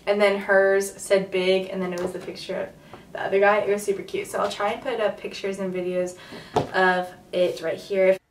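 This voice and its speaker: Young woman, excited casual chat, roomy echo, a bit away from the mic. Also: mid-range voice, normal speed, distant mic, slight background noise. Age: young adult. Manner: excited and chatty, many fillers. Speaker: vlogger. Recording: echoey room, voice a little off-mic.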